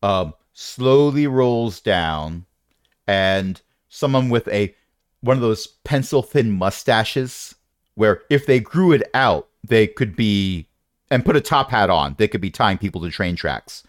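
A man's voice: fairly low pitch, animated, slow, dry recording, clean studio sound. A man narrating a tabletop game as game master, with playful, rambling descriptions and asides.

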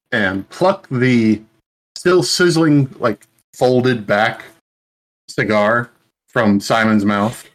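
A man playing a tabletop game, describing his character's actions in an easygoing, deliberate way. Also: medium pitch. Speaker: player. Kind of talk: tabletop role-play chat.

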